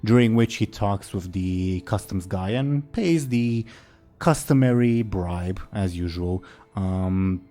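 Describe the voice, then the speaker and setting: A man narrating as game master of a tabletop game, halting with many fillers. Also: low-pitched, warm tone.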